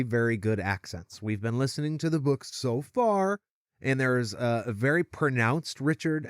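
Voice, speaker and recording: A man co-hosting a podcast, chatting casually, animated, and laughing often. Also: medium pitch, no room sound, clean studio sound. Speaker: podcast co-host. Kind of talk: casual chat.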